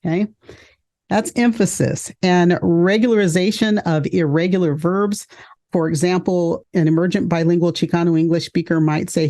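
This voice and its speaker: Mellow-voiced woman giving a lecture. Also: on the low side. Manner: measured, explaining with examples. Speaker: educator and podcast host. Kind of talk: explanatory lecture.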